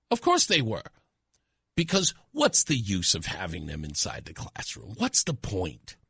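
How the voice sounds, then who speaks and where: A man's voice: medium pitch, fairly bright tone, breathy edge, no room sound, studio quality. A man hosting a talk radio show, delivering an indignant, emphatic opinion monologue.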